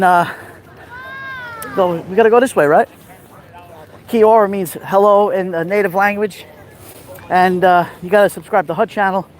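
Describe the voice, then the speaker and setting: A man with a rough voice and a Brooklyn accent, chatting casually on a live stream as he walks outdoors along a beach. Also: high voice, slight background noise. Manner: chatty, gives shout-outs while walking.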